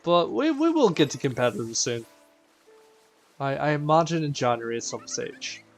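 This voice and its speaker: Guy streaming from home, chatty and playful with chat, kinda high voice, faint game music behind. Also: moderate pace, vocal fry. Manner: animated and playful, addressing chat as "people". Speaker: live-stream host. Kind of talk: casual live-stream chat to viewers.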